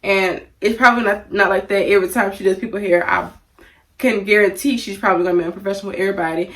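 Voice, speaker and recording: A young woman talks through a casual storytime vlog, animated and chatty, often calling out to viewers as y'all. Her voice sits mid-range and sounds a little away from the mic. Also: mid-range voice, fast talker, distant mic, poor audio. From Louisiana. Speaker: vlogger.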